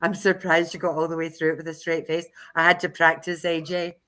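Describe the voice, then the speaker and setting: This woman's voice sits low, with a flat, brisk delivery and a sharp tone. As co-host of a live psychic development stream, she reads out a comic meditation and then chats casually, laughing a lot and cursing without restraint.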